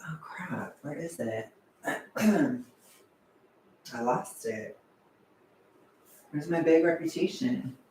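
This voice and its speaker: A young man chatting casually on a livestream, animated and chatty, sometimes swearing, laughing often, heard from a distance. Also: on the high side, takes it slowly, long pauses, a little hiss or hum. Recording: echoey room, away from the mic.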